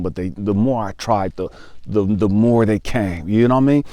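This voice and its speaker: A man's voice: on the low side, normal speed, dark tone, no echo. A middle-aged man telling a painful story from his own life, raw and profane, his voice climbing into anguish and often checking in with "you know what I mean". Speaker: channel host. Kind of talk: emotional personal storytelling.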